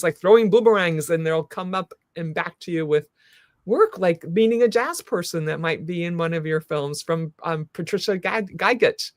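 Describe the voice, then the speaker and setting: A woman hosting a live talk show, effusive and encouraging, rambling warmly through her questions and sign-off. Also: lowish voice, lively intonation, normal speed, no room sound, clean studio sound.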